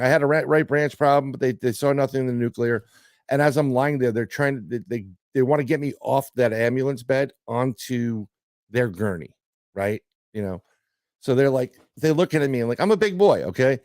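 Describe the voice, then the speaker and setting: Animated middle-aged man telling a story. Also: medium pitch, no echo, studio quality. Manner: animated storyteller, swearing, laughing through jokes. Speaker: podcast guest. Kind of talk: casual storytelling chat.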